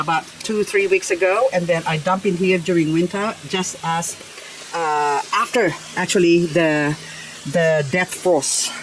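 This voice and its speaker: A woman's voice: on the low side, slight background noise, low-quality recording. A woman vlogging as she waters her garden. She chats casually and talks fondly to her plants. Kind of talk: casual chat while working.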